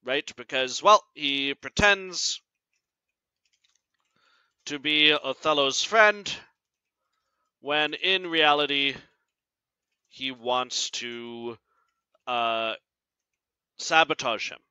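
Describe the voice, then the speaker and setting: A male teacher giving a recorded class lecture, explaining slowly and ending nearly every point with "right?". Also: medium pitch, bright, forceful tone, smooth, dry recording. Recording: dull lo-fi sound.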